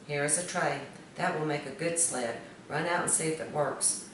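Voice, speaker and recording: A woman's voice: deep voice, fairly even intonation, normal speed, natural voice. A woman voicing a patient, kindly mother in a children's story read aloud. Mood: coaxing. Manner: gentle, coaxing. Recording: echoey room, distant mic, noise.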